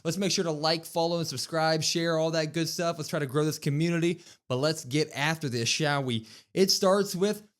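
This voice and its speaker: Chatty man recapping wrestling, fairly high voice. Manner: lively play-by-play retelling, quick and chatty. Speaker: podcast co-host. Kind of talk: casual wrestling recap on a live stream.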